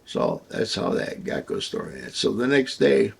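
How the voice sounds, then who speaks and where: A man casually telling a rambling, crude anecdote with halting starts. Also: mid-range voice, huge pitch swings, vocal fry, a little hiss or hum. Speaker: storyteller.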